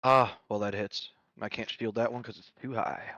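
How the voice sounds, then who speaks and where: A man's voice: on the low side, normal speed, no room sound, muffled recording. Easygoing man running a tabletop game. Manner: relaxed, easygoing, chewing while talking. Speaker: game master.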